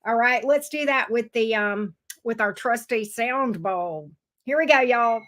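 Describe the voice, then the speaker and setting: Bright-voiced woman reading tarot live. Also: a little high, measured pace. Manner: chatty, folksy, talks straight to viewers. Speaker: tarot reader, stream host.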